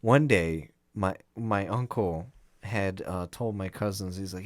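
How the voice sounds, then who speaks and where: A man's voice: deep voice, a little slow, darkish tone, dry recording. Rambling storyteller man, dry sound. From Chicago area. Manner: rambling, many fillers, laughs through stories. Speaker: podcast co-host. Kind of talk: casual storytelling chat.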